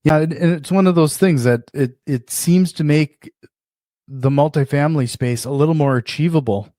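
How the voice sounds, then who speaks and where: A man's voice: fairly high pitch, normal speed, warm tone, no room sound, studio quality. A man hosting a casual podcast interview who asks follow-up questions and often restarts his sentences as he talks. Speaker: podcast host.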